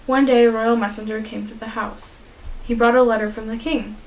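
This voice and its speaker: A teenage young woman reading a children's storybook aloud in a steady, clear narrating voice. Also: on the high side, brisk, poor audio. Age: teens. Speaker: student reader.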